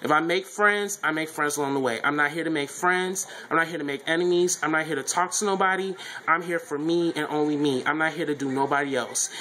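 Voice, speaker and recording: A man's voice: a little high, fairly quick, low-quality recording. A man giving a casual, blunt vlog review of a reality show, repeating himself a lot as he talks. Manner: repetitive, animated, blunt opinions.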